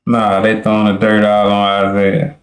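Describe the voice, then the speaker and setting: A man's voice: on the low side, flat delivery, normal speed, reverberant. A man hosting a live stream, reacting to a crime video with blunt, slangy asides. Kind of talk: casual live reaction commentary.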